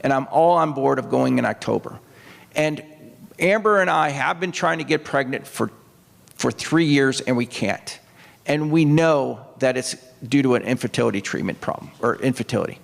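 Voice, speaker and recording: Speaking at a book event on an opera house stage, a retired naval officer with a gravelly, aged voice shares a personal story at normal speed. His mid-range tone is earnest and emotional, lifting when he acts out quotes, with long hall reverb.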